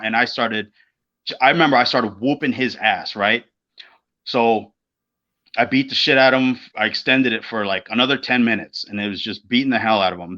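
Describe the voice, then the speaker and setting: A middle-aged man spins a loose, profane story on a podcast and slips into the voices of the people in it. His voice sits in a middle register. The recording is dull and lo-fi. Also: medium pitch. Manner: profane, animated storyteller who acts out quoted voices. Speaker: podcast co-host, former pro wrestler. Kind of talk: casual storytelling chat.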